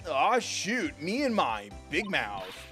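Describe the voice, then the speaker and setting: A man voicing a bumbling police detective in a blustery, gruff way, reading game dialogue. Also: a little high, huge pitch swings, takes it slowly, bright, forceful tone, soft background music, heavily acted. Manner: blustery, calls people pal.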